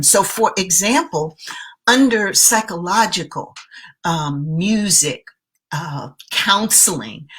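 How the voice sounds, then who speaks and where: Slow, bright-voiced woman coaching viewers. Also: lowish voice, slightly rough. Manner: emphatic, repeats key phrases, talks straight to viewer. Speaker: self-care and business coach. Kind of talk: motivational talk to camera.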